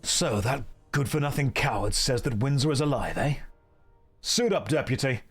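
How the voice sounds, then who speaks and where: A man voicing a stern, gruff male marshal who gives curt orders in a game. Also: mid-range voice, animated, moderate pace, faint music behind, pitched below the performer's own voice. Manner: curt, commanding.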